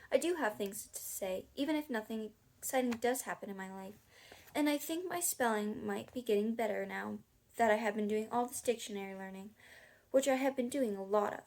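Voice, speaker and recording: A woman reading a children's novel aloud for a homemade audiobook. Her voice sits a touch high, and her delivery is casual and chatty, with little asides. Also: vocal fry, a little mellow. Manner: casual, breaks off to chuckle and comment. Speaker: audiobook reader.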